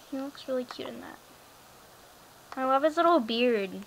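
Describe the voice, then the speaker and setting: A woman's voice: sits high, lively intonation, moderate pace, gravelly, noisy background. A teenage girl chatting casually while playing a pet game, rambling with lots of fillers and "like". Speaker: gaming vlogger. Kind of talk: casual screen-recorded game chat.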